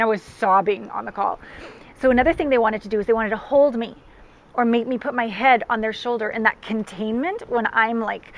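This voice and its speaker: Woman, middle-aged, coaching vlog, emphatic, fairly high voice, faint hiss behind. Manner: animated, emphatic storytelling. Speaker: relationship coach. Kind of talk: casual talk to camera.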